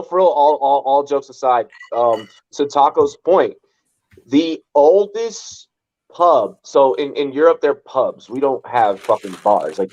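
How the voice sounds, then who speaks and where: A man's voice: medium pitch, a little mellow. A man hosting a casual sports talk show, blunt and swearing often. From United States. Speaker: podcast host. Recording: dull lo-fi mic.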